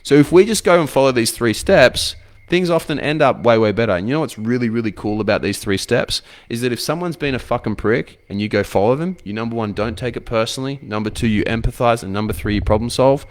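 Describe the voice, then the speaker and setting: A man's voice: mid-range voice, quick pace. A man coaching other men with blunt, profane advice, firing off rhetorical questions. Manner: blunt, swears freely, asks rhetorical questions. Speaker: men's coach. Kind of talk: motivational advice talk to camera.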